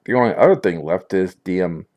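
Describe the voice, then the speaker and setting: A man narrating as game master of a tabletop role-playing session, telling the story in an animated way with frequent stumbles and restarts. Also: sits low, fairly quick.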